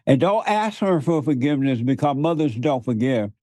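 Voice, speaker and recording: A man's voice: medium pitch, expressive, moderate pace, hardly any pauses, mellow, no echo. A man preaching to his interviewer in an emphatic, repetitive way, laughing often. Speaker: guest.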